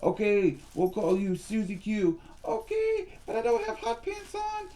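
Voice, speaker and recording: A bubbly, forward little girly doll talks in a very high, squeaky falsetto, as a man puts her on. Her soft, mellow tone gives a playful toy-box feel. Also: huge pitch swings, a little slow, far from the mic, heavily acted.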